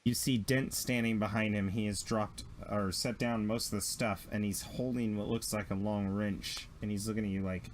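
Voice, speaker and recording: A man narrating a tabletop game as game master, telling the scene in an animated way with quick asides. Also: on the low side, a little hiss or hum.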